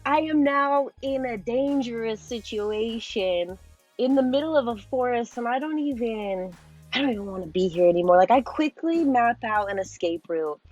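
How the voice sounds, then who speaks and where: A young woman in her twenties, a podcast guest telling a story in a casual, animated way with frequent laughs. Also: on the high side, normal speed, lo-fi sound, soft background music. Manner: animated, laughing often, swearing.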